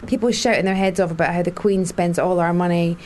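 Quick-talking female guest, chatty and laughs easily, faint noise behind. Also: lowish voice, fairly even intonation, a little mellow. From South Africa. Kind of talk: casual political chat.

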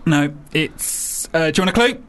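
A man hesitantly gives clues in a casual guessing game, often stalling mid-sentence. His voice moves lively over a mid-low range. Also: over a noisy crowd. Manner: hesitant, halting clue-giving. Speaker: quiz master giving clues.

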